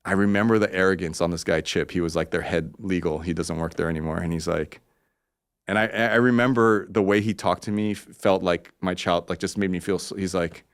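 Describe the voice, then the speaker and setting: A man, an artist guest, telling a story in casual, rambling talk, cursing freely and getting animated. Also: low voice, a little fast, clean tone.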